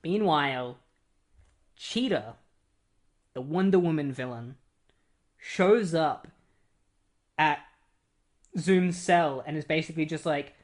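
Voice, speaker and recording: A comic book reviewer talking through a story recap in a loose, conversational way. The delivery is chatty and full of fillers, with dismissive little asides, at a middling pitch. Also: takes it slowly, pauses often. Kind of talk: casual plot recap.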